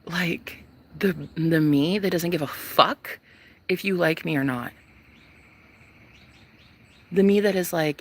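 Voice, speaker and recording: Brassy, gravelly woman ranting. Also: lowish voice, takes it slowly, pauses often. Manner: animated, swings from loud to whispered, profane. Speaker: vlogger. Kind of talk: casual rant to camera.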